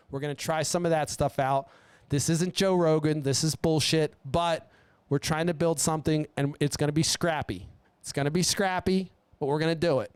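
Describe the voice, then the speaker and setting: Male podcast host, solo profane rant, smooth clear voice, dry close sound. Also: a little high, no echo. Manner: swearing, blunt, rambling. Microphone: studio mic.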